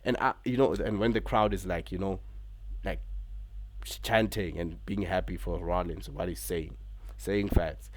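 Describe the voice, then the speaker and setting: A man giving a casual, unscripted wrestling show review, excited, swearing and using lots of filler words. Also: low voice, a little slow.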